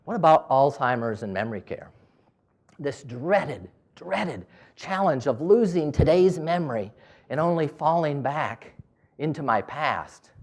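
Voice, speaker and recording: Animated man telling stories on stage. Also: a little high, unhurried. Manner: animated, acts out dialogue in quoted voices. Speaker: business owner giving a talk. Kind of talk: storytelling speech.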